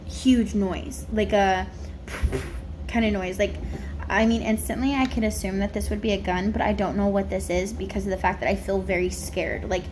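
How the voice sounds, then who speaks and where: A woman's voice: mid-range voice, steady tone, normal speed, noisy background. A woman psychic medium giving a casual, rambling spirit reading on camera, full of fillers. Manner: chatty, rambling, many fillers.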